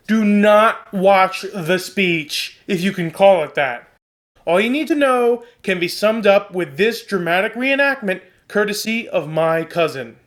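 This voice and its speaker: A man's voice: high voice, a bit bright. A man hosting a satirical comedy show, delivering a sarcastic, mock-dramatic rant. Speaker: host.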